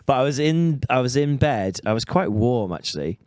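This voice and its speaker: A man's voice: medium pitch, animated, moderate pace, a little mellow, clear, resonant tone, no echo, studio quality. Wry, self-mocking man on a podcast. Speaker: podcast co-host. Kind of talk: casual chat.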